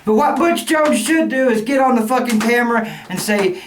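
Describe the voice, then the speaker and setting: A man's voice: very high-pitched, moderate pace, few pauses. A middle-aged man, an angry sports fan venting in a profane rant. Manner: angry, cussing, loud outbursts. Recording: roomy echo, faint noise.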